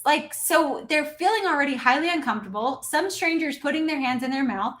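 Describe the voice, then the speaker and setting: A woman's voice: high voice, lively intonation, brisk, hardly any pauses, fairly bright tone. A woman giving practical coaching advice in a podcast conversation, talking animatedly and acting out bits of dialogue between patients and staff. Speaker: dental practice consultant, podcast guest.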